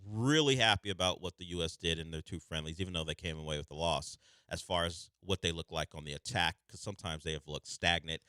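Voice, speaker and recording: A man's voice: sits low, fast, sharp tone, clear, resonant tone, no echo, studio quality. A man hosting sports talk radio, explaining at length in a chatty, analytical way.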